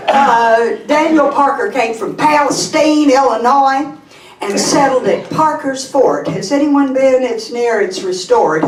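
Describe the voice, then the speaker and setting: A woman with a Texan accent tells stories in a slow, fairly high voice. She jokes and chats with the audience as she goes. She is heard from off-mic in an echoey hall. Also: recorded from a distance, slight background noise. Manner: chatty, joking, asides to the audience. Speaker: speaker. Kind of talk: humorous public talk.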